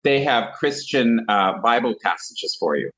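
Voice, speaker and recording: Guy from colorado, guest on a chat show, husky bright voice, hams up his stories. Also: medium pitch, lively intonation, unhurried, rough recording. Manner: theatrical storyteller with comic asides. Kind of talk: casual chat.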